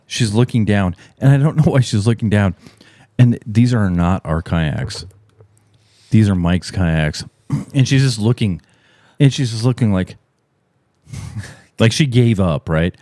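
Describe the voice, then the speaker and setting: Animated middle-aged man telling a rowdy story. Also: takes it slowly, pauses often, no room sound. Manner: profane, animated storyteller, voice jumps high and loud when acting out shouts. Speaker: podcast host. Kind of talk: casual storytelling chat.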